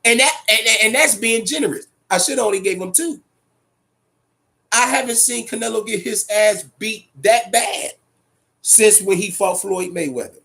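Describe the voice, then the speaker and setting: A man's voice: sits high, normal speed, vocal fry, bright, forceful tone. A man hosting a boxing talk show, giving profane, emphatic commentary and repeating his points. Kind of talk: casual boxing commentary rant.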